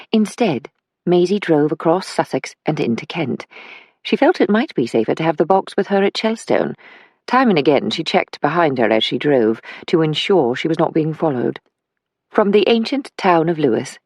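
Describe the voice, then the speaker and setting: An audiobook narrator reading a mystery novel in a measured, even way. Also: mid-range voice, dry recording.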